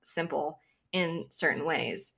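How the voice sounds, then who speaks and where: A woman's voice: sits low, takes it slowly, gravelly, fairly bright tone. A woman astrologer talking casually on a podcast, thoughtful and emphatic, with frequent hedging asides. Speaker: astrologer guest.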